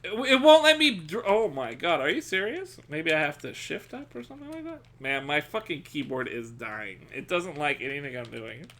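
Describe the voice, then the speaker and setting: A man streaming live, chatting casually with his viewers, cursing freely, laughing often and yelling at chat when excited. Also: fairly high pitch, normal speed, few pauses.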